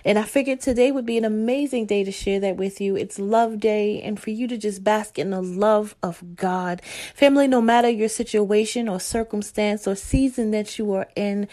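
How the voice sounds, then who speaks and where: A woman's voice: mid-range voice, mellow. A woman speaking directly to her viewers with earnest, pleading devotional encouragement and repeated affirmations.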